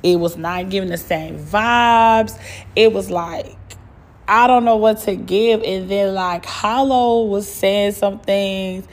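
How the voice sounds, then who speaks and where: A woman's voice: medium pitch, takes it slowly. A woman giving a loose, storytelling recap in casual chat, acting out what the crowd said. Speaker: guest giving an event recap. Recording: voice message with loud car noise.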